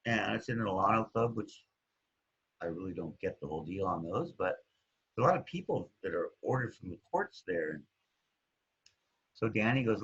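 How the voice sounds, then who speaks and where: A man with a husky voice casually telling his recovery story, rambling and looping back with "anyways", on a dull lo-fi recording. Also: fairly low pitch, expressive, moderate pace, pauses often, a bit bright. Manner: rambling, keeps saying anyways.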